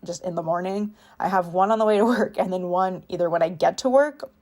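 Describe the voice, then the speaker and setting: Into a home voiceover mic, a young planner vlogger talks casually about her planner and her week, rambling and poking fun at herself. Her voice is fairly low, fairly quick, and darkish.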